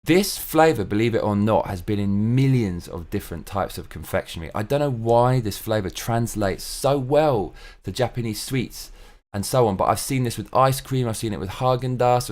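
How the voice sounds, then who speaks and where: Low-voiced, swearing man ranting. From England. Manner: profane, ranting, opinionated. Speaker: show host. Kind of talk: casual solo monologue.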